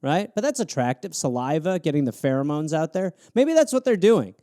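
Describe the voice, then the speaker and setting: Animated, high-voiced male comedian riffing. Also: fairly quick, no room sound, studio quality. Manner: animated, crude, jumps into voices. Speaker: comedian host of a live show. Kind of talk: improvised comedy riffing on prompts.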